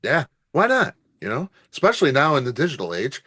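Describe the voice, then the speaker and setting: A man's voice: medium pitch, huge pitch swings, a little fast, sharp tone, husky, dry recording. Laughing male interview host, dry sound. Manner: laughs often, agreeable. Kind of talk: casual interview chat.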